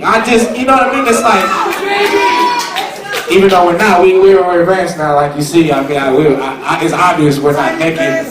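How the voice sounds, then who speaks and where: High-voiced man rambling in an echoey hall. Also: steady tone, normal speed, over a noisy crowd. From California Bay Area. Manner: rambling, slang-heavy, repeats himself. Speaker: guest speaker. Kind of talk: informal lecture to a student audience. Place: university lecture hall with audience. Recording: echoey hall, recorded from far off. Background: audience murmur.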